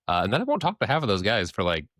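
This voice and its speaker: A man's voice: on the low side, wildly swooping pitch, very fast, a bit bright, no room sound. A man co-hosting a podcast, rambling candidly and swearing freely as he tells stories and acts out the people in them. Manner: acts out quoted voices in his stories. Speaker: podcast co-host. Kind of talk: casual discussion.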